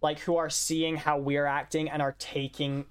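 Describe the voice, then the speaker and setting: A woman's voice: sits low, flat delivery, moderate pace, a crowd in the background. Chatty young woman rambling casually. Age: young adult. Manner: chatty, rambling, lots of fillers. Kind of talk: casual chat.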